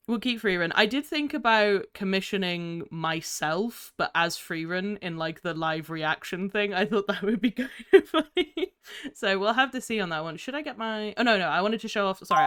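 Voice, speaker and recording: Casting: young woman streamer, bright and crisp, giggly chatter, sounds a bit sleepy. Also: mid-range voice. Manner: giggly, chatty, easily distracted. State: tired. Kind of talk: casual live-stream chat.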